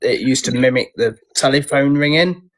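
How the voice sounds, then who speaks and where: A woman chatting as a live stream guest, telling a story and laughing a lot. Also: rumbling low. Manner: slow, animated, laughs a lot. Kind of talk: casual chat.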